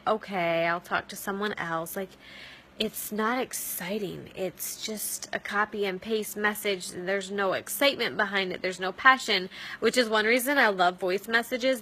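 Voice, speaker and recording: A woman's voice: medium pitch, sharp tone. A woman giving an upbeat motivational talk to her sales team, coaching with many ums. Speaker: network marketing team leader.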